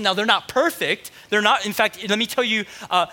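A man preaching a sermon on stage, excited and a little out of breath, with quick asides to the congregation. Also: sits high. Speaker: pastor. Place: church stage.

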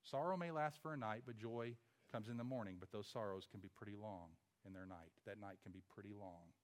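A man preaching a sermon as pastor, emphatic, with rhetorical questions and swings from loud to hushed. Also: fairly low pitch, a little fast.

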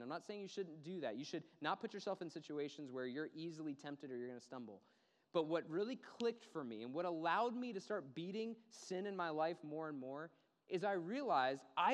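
A man preaching a sermon, earnest and emphatic, repeating words and dropping low and quiet to stress a point. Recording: long hall reverb.

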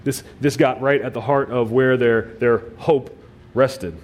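A male pastor preaching a sermon, emphatic, with swings between loud and quiet phrases and frequent restarts. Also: mid-range voice, fairly even intonation, measured pace. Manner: repeats words as he restarts phrases.

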